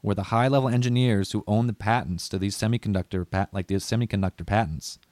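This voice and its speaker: A man with a low voice rambles through a casual podcast chat, swearing freely and losing track of his notes. He sounds close and dry, with no room around him. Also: steady tone, fast, darkish tone, dry recording. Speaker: podcast host.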